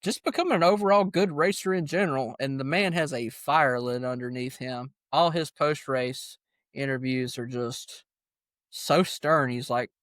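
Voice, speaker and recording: A man's voice: mid-range voice, normal speed, a bit bright, no room sound. A young man co-hosting a casual sports podcast, joking and laughing often as he talks. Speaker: podcast co-host.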